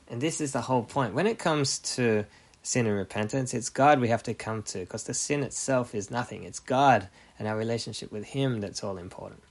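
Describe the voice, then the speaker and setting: A man preaching a sermon, explaining scripture in a loose teaching way with many fillers and self-corrections. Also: mid-range voice. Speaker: pastor.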